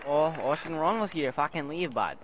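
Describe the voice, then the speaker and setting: Canadian male gamer, brash and profane, loud gunfire behind him. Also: fairly high pitch, lively intonation, moderate pace. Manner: brash, swearing, calls others bud. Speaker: gamer streaming with squad. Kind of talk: profane game chat. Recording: loud gunfire and game noise.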